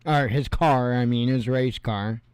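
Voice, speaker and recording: A man's voice: mid-range voice, steady tone, a little slow, darkish tone, smooth, dry recording. A male host giving rambling, sarcastic commentary on the news, with mocking asides.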